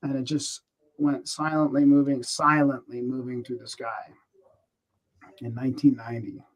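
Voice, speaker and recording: A man on a podcast telling a story in casual chat, rambling with many restarts and animated. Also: mid-range voice, normal speed, low-quality recording. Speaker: podcast co-host.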